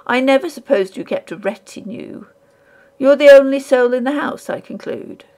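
A woman voicing a brusque, irritable gentleman who answers with curt, sharp retorts. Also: high voice, normal speed, voice pushed up, natural voice.

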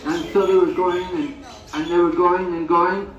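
A man with a fairly high voice tells a sacred story as a sermon, unhurried and full of restarts. He acts out the quotes as he goes. The recording is echoey and he sounds set back from the mic. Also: flat delivery, far from the mic, highs cut off, a crowd in the background. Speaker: swami giving a talk at a holy site.

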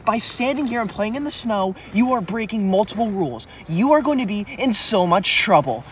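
Against a noisy background, a man speaks in a high, animated voice, playing a bossy schoolkid who lectures everyone. It's comedy sketch acting, preachy and whiny, with quick threats to report others to the teacher.

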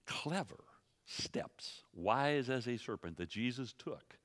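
A man teaching a sermon to a church audience, emphatic and quick, asking the room rhetorical questions. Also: medium pitch, animated, a bit bright, in a large hall. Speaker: Bible teacher. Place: church sanctuary.

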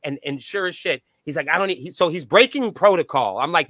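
A man's voice: on the high side, fast talker, no echo. A man, a band member guesting on a podcast, telling a story in a loose, profane way and acting out both sides of the conversation. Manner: profane, animated, acts out dialogue. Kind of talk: casual storytelling.

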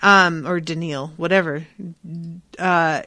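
A woman's voice: sits low, fairly even intonation, slow pace, sharp tone, dry recording. A woman hosting a book podcast, talking casually and frankly with swearing, and reading passages aloud. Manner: frank, profane, conversational with fillers. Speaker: podcast host.

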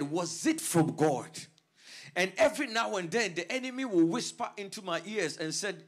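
A male pastor from Africa delivers a sermon to his congregation. His voice sits a little on the high side, and his fervent preaching swells from quiet prayer to full volume. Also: animated, normal speed. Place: church service streamed online.

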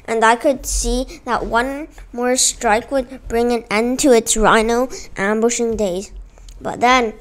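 A woman reading a children's adventure book aloud, telling it in an expressive, dramatic way. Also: on the high side. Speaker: audiobook reader.

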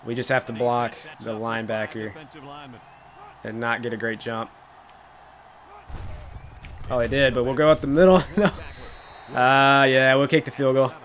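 A man giving casual commentary while playing a football video game, thinking aloud about his plays and breaking into excited laughter; his voice cracks now and then. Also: medium pitch, normal speed, long pauses. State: voice cracking, coughing.

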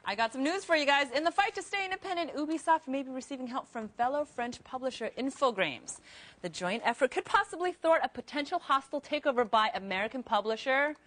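A woman's voice: high voice, lively intonation, fast, fairly bright tone. A woman presenting tech news headlines with bubbly, wry asides.

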